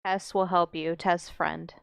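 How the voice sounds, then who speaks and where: A woman voicing a gentle female adventurer who talks in slow, simple broken phrases. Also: lowish voice, little pitch movement, creaky, clear, resonant tone, dry recording, clean studio sound.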